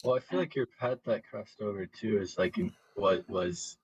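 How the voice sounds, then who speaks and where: A man co-hosting a channeling session on a video call, gentle and halting. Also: on the low side, breathy edge, highs cut off. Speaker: co-host.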